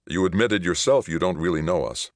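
An earnest, steady middle-aged governor, as a male reader voices him. He speaks in a measured way in a very deep, gravelly voice. The recording is close and dry. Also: dry recording.

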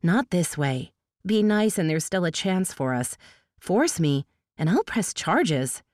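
A woman's voice: lowish voice, sing-song, slow, no echo, clean studio sound. A woman voicing a fierce, defiant young elf woman. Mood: firm, angry. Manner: protesting, raised and sharp.

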